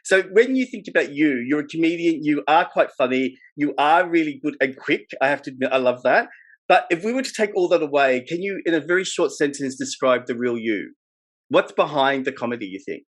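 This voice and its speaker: A man's voice: fairly high pitch, expressive, a little fast. A man hosts a podcast interview in a chatty way. He asks long, encouraging questions that wander before they land. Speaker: podcast host. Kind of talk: conversational interview.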